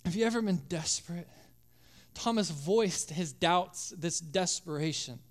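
A male pastor preaching a sermon with passion, acting out voices and dropping to a hush at times. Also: sits high, measured pace. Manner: impassioned, acts out biblical voices, drops to hushed tones.

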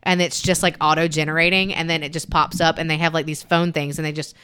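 Bright, crisp-voiced woman chatting. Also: sits low, quick pace, no echo, clean studio sound. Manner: animated storyteller, gets loud when excited. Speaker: podcast host. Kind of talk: casual chat.

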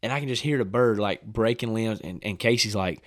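A man's voice: fairly low pitch, fairly quick, no echo, clean studio sound. A man, telling hunting stories in a casual chat and acting out what people said. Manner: animated storyteller, acts out quotes, laughs often. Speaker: hunting storyteller guest.

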